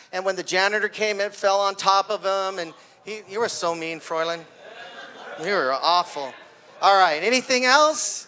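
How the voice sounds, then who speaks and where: A man in his sixties telling a stand-up story at his own birthday party, acting out the screams and voices of the people in it. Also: high voice. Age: 60s. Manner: animated storytelling, acts out screams. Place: party hall with guests.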